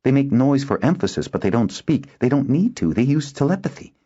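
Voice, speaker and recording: A man voicing a spirited, quick-tempered young girl in an audiobook, in a high, lively voice. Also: husky. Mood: eager. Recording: dull lo-fi recording.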